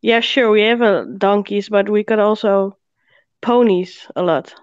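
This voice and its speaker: A woman with a Dutch accent, a native Dutch speaker, chatting in halting English with giggles and hesitations. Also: mid-range voice, steady tone, smooth, dry recording, dull audio. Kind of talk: casual chat.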